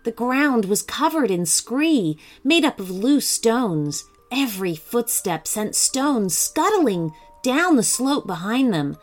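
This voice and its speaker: Slow, expressive woman storyteller. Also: medium pitch. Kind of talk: children's bedtime story narration.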